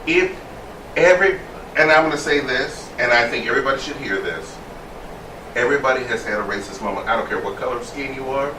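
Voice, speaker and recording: A gay man chatting casually as a co-host, emphatic and animated as he tells his stories. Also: medium pitch, fast. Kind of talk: casual chat. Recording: roomy sound from a distance with faint noise.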